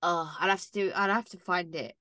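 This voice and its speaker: A woman co-hosting a casual podcast chat, often chiming in with quick agreement. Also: lowish voice, steady tone, bright, forceful tone, no room sound, studio quality. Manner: agreeable, quick backchannel replies. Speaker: podcast co-host.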